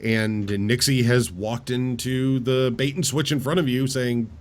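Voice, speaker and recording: A man's voice: medium pitch, fairly even intonation, a little slow. A man running a tabletop game as game master, narrating and chatting casually.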